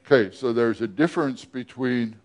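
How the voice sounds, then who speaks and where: A man preaching a sermon as pastor, often asking the congregation questions and pausing between phrases. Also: medium pitch. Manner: asks the congregation questions, with pauses and restarts.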